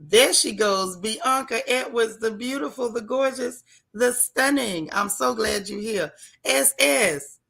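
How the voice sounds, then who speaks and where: Gravelly, bright-voiced woman livestream host. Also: on the high side, slow. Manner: warm, chatty, Southern-Black-American vernacular, stretches greetings. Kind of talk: casual livestream chat greeting viewers.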